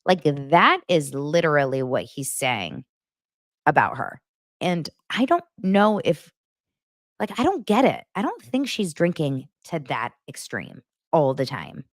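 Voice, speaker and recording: A woman's voice: low-pitched, very animated, measured pace, no room sound, clean studio sound. A woman in her thirties, hosting a podcast, gossiping about a reality show in a chatty way full of fillers. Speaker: podcast host. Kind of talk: casual recap chat.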